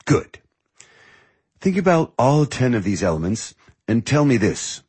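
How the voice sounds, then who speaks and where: A man voicing a patient, teasing music teacher in measured audiobook dialogue. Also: medium pitch, very animated, darkish tone, breathy edge. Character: calm, wry male music teacher. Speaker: music mentor.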